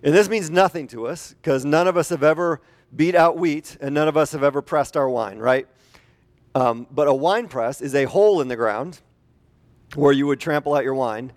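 A man preaching a conversational sermon as a pastor, animated and chatty, putting questions to the congregation. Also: a little high, normal speed.

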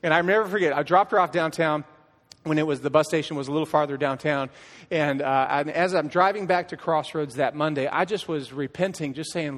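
A man's voice: fairly high pitch, fairly quick, fairly bright tone. Middle-aged worship leader telling his story. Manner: storytelling, acting out dialogue, frequent restarts. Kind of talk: personal testimony from a church stage. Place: church stage. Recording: long church hall reverb.

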